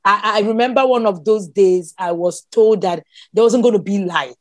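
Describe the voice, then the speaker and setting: A woman's voice: medium pitch, normal speed, no echo, clean studio sound. A woman with a Nigerian accent, a guest animatedly telling a personal story. She exclaims often and laughs as she talks.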